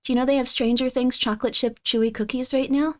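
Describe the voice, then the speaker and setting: Chatting loosely with her live-stream audience, this woman keeps a steady tone and a quick pace, yet breaks into sudden high squeals and wide pitch jumps as she reacts to chat.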